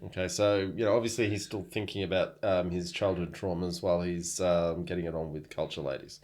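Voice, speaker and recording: A man's voice: low-pitched, little pitch movement, a little fast, a little mellow. A man co-hosting a book podcast, chatting casually and reading passages aloud with emphasis, often chuckling. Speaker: podcast co-host.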